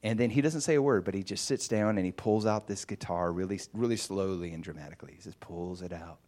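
Man preacher, animated casual storytelling sermon. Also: sits low, fast. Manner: lively, animated retelling with many fillers.

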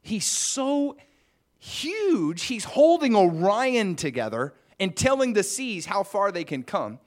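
A man's voice: high-pitched, big pitch swings, slow pace. A man preaching a conversational sermon, musing aloud with asides to the congregation. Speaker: pastor.

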